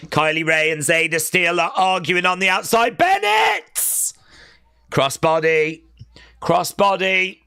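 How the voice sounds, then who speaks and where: A young man hosting a live wrestling watch-along, calling the action and chatting with viewers, often shouting at big moves. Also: fairly high pitch, steady tone, normal speed, smooth, no room sound, clean studio sound.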